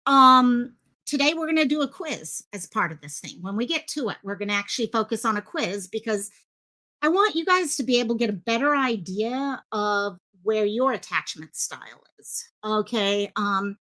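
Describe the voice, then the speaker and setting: A woman hosts a casual stream from home in Hawaii, using headphones with a desk mic. Her fairly high, expressive voice has a sharp tone and a moderate pace as she greets viewers by name and rambles on with many fillers.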